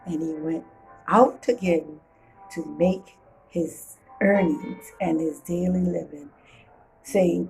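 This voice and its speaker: A woman reading a children's storybook aloud with playful, expressive storytelling. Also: on the low side, slow, vocal fry, faint music behind, low-quality recording.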